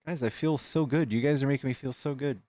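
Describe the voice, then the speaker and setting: A man hosting a casual livestream, excitedly thanking donors and chatting with callers. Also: medium pitch, fast talker, no room sound, studio quality. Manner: excitable, reads donations aloud. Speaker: livestream host.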